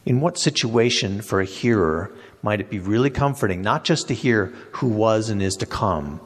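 A man's voice: fairly low pitch, expressive, moderate pace. A man, a pastor leading an interactive Bible study, who asks the group questions and repeats their answers back to them. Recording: long reverb in a hall.

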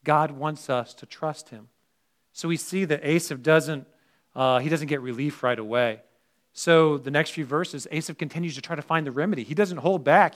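Preaching a sermon in a conversational style, a male pastor asks his congregation rhetorical questions and reads scripture aloud emphatically. His voice is a little high and fairly bright, with fairly even intonation at a normal pace.

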